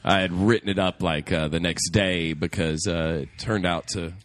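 A man's voice: sits low, fairly even intonation, moderate pace, fairly bright tone, dry recording. A man co-hosting a podcast in casual chat, teasing his friends and telling a story. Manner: teasing, wisecracking. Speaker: podcast co-host.

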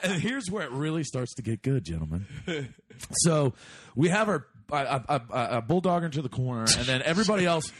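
A man's voice: a little high, very animated, a little fast, a bit bright, breathy edge. A man telling a long comedic story in casual chat, rambling with fillers, restarts and swearing. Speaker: storyteller guest.

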